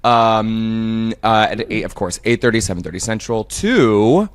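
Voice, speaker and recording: A man's voice: lowish voice, lively intonation, measured pace, clean tone. A man co-hosting a podcast in casual chat, upbeat as he runs through show facts. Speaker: podcast co-host, actor.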